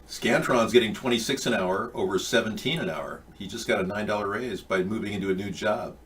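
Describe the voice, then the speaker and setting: A man's voice: fairly low pitch, a little fast. A man hosting a casual talk show, joking his way through dating advice. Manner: joking, lively. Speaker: host. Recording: distant mic with faint background noise.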